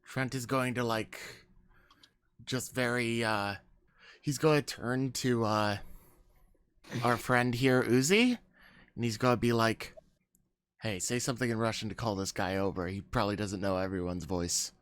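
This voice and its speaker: A man's voice: mid-range voice, a little slow, long pauses, a bit bright, clear, resonant tone, no echo. A man playing in a tabletop role-playing game, talking brashly and teasing the others. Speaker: player. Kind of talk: casual tabletop play.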